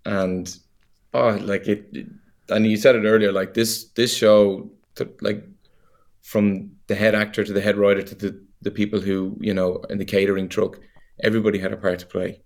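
An Irish man, a young adult actor, chatting as a guest in an interview, animated and full of fillers and laughs. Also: on the low side, normal speed. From Ireland. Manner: animated storyteller, laughs easily, many fillers. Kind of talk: casual interview chat.

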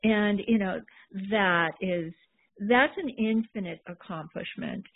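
Woman podcast host, unhurried, effusive, tinny call audio. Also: mid-range voice. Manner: effusive, calls people darling. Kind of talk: casual interview talk.

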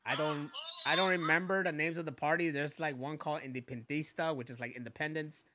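A young man co-hosts a casual podcast and jokes his way through the talk. His voice sits fairly high for a man. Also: fast talker, background noise. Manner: joking, animated, slips into put-on voices. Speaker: podcast co-host.

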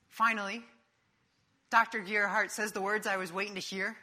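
This is a young man delivering a sermon, with a high, bright voice that carries sharply. He tells his story vividly and animatedly, and he moves easily between humour and earnest preaching. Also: level tone, normal speed.

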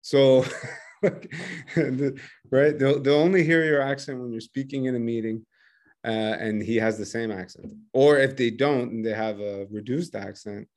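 A man's voice: medium pitch, unhurried, a little mellow. A man hosting a casual conversation as an English teacher, chatty and bilingual, laughing often between points. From bilingual English-French speaker living in France. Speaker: podcast host, English teacher.

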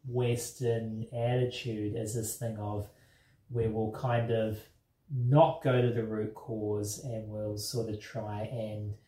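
A man with a New Zealand accent, a mental health nurse, talking at length in a relaxed interview and often searching for words. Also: lowish voice, takes it slowly. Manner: rambling, searching for words with many fillers. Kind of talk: conversational interview. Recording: echoey room, mic at a distance.

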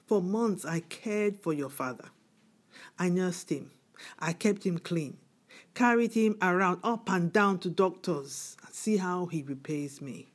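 A woman's voice: lowish voice, animated, unhurried. A middle-aged woman with a Nigerian accent playing a bitter, wounded widow in a film drama, given to indignant "eh?"s. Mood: aggrieved. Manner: indignant, tearful, repeats "eh?". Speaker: widowed mother.

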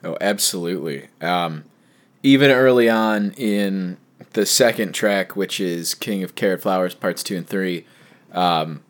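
A man's voice: low voice, unhurried. A man hosting a casual podcast discussion about albums, thoughtful and steering the talk. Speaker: podcast host.

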